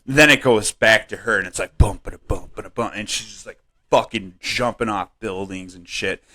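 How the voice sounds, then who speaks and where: Rambling, profane man with a bright voice. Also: fairly low pitch, normal speed. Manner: rambling, profane, laughing often; animated, voice jumps up when worked up. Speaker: podcast co-host. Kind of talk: casual podcast chat.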